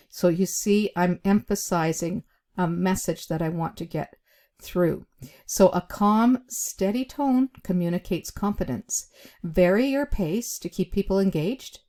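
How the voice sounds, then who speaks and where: A woman with a low, mellow voice teaches interview skills to camera. She speaks deliberately, stressing key words and leaving short pauses. Her talk is chatty, with plenty of "um"s along the way. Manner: chatty, with frequent fillers. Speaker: job skills instructor.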